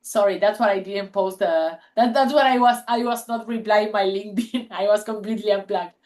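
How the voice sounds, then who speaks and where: A woman's voice: medium pitch, fairly quick, rough recording. A woman whose first language is Spanish, telling stories in a casual panel talk on a video call, often restarting her sentences. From Spanish-speaking country. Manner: animated storytelling with many restarts. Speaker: panel speaker.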